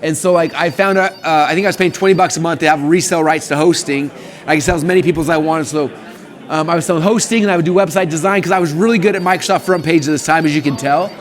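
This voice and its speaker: A man in his thirties hosting a live stream, telling his story in a casual, eager, excitable way. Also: on the high side. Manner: eager, excitable, talks in rapid bursts.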